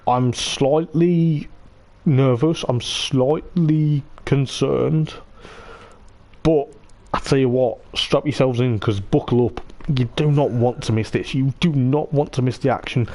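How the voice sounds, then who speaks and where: Excitable man commentating a sim race. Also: medium pitch, takes it slowly. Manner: excitable, repeats "I tell you what", laughs often. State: voice going hoarse. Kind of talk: live sim-racing commentary.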